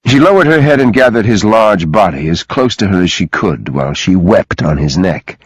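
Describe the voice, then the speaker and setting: A man reading an audiobook in a dramatic, expressive way, close to the mic. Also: low-pitched, moderate pace, husky, no room sound, poor audio. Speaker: audiobook narrator. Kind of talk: scripted audiobook narration.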